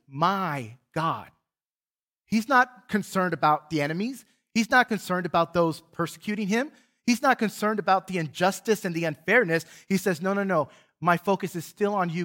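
Male pastor, higher-pitched, earnest preacher who reads scripture with dramatic swells and quiet drops. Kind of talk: sermon with scripture reading. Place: church sanctuary.

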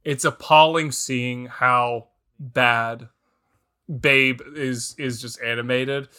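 A man's voice: mid-range voice, fairly even intonation, bright, forceful tone, clean tone. A man co-hosting a podcast, joking about a bad movie, laughing often and stumbling over his words. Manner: laughing, halting restarts. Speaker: podcast co-host. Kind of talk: casual comedic banter.

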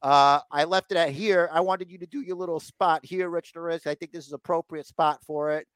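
Male podcast co-host, casual wrestling recap, slightly higher voice, dry close sound. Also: fairly even intonation, a little fast, smooth, no echo. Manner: acts out wrestlers' lines in mock voices.

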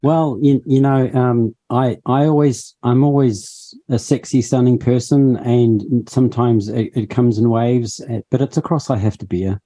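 A man guesting on a radio show as a tech commentator, joking at his own expense and pausing often with ums. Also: medium pitch, fairly even intonation, dark tone. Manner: self-mocking, hesitant with many ums. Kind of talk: radio chat. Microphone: cheap desktop microphone.

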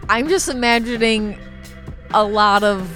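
A woman's voice: on the high side, unhurried, a bit bright, soft background music. A woman co-hosting a podcast in casual comedic chat. She is silly and giggles often. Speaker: podcast co-host.

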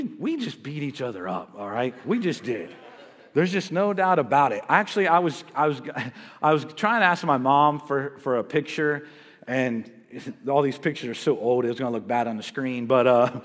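A man preaching a sermon as pastor, energetic and joking with his congregation. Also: mid-range voice. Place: church sanctuary. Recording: reverberant church hall.

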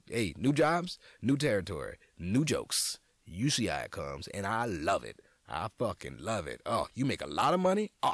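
A man hosting a podcast as a comedian, in a casual, profane monologue that jumps into high, excited outbursts. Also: no echo, studio quality.

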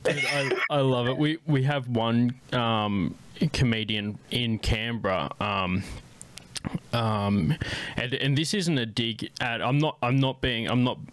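A man's voice: medium pitch, takes it slowly, a bit bright. An Australian man, a comedian hosting a podcast, chatting casually with lots of ums and restarts. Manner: rambling, with many ums and restarts. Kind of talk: casual interview chat.

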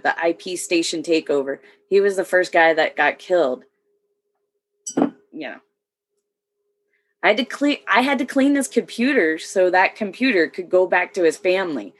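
A woman's voice: lowish voice, animated, moderate pace. Matter-of-fact woman veteran storyteller. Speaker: military veteran. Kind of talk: casual conversation.

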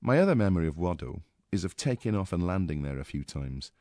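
Deep-voiced man reading a clipped anecdote. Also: big pitch swings, fast, a little mellow, no echo, studio quality. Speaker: regular contributor. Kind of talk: scripted reading of a personal piece.

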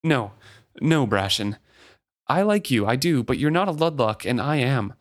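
A man's voice: mid-range voice, expressive, normal speed, natural voice. A man voicing an anxious, childlike male ship figurehead who speaks plainly and pleads.

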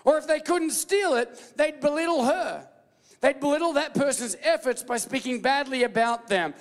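Male pastor, very high voice, lively playful preaching, call-and-response, large echoing church hall. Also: moderate pace. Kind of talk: sermon.

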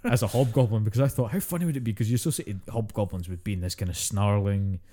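A man's voice: lowish voice, fast, warm tone. A man with a Scottish accent co-hosting a podcast, giving blunt opinions in casual chat and swearing now and then. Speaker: podcast co-host.

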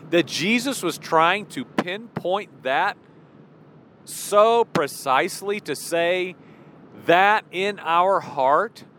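Slow, animated male preacher outdoors. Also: sits high, a little hiss or hum. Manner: conversational, acts out imagined voices, rhetorical questions. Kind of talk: informal sermon.

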